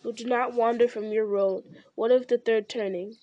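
A grave young male hero, commanding and firm, read by a woman narrator. The voice is mellow and fairly high, the delivery emphatic. It sits close and dry. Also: fairly even intonation, normal speed, no echo, lo-fi sound, natural voice. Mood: earnest. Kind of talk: audiobook character reading.

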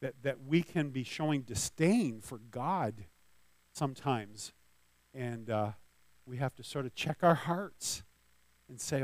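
A man's voice: medium pitch, measured pace, darkish tone, dry recording. A man giving a sermon as a pastor, talking in a loose conversational way with restarts and light laughs, and reading scripture with rising force.

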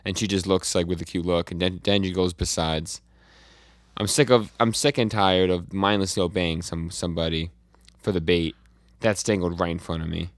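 A man's voice: low-pitched, steady tone, normal speed, no room sound, clean studio sound. A man co-hosting a podcast, casually recapping comic chapters and reading out the dialogue with fillers and restarts. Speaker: podcast co-host.

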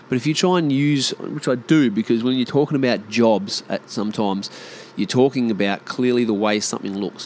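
An Australian man in casual monologue, rambling and swearing, often animated. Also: fairly low pitch, slight background noise.

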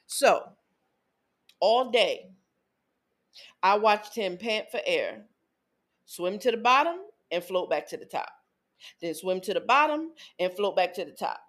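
A woman's voice: medium pitch, unhurried, long pauses. A woman in her thirties, a podcast co-host, telling a story in casual chat and acting out what her kids and her ex said. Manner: animated, acts out quotes of her kids and ex.

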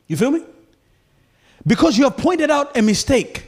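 A man's voice: very high-pitched, big pitch swings, moderate pace. A male preacher giving a sermon, pleading with the congregation and often checking in with them. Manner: impassioned, pleading, often asks "you feel me?".

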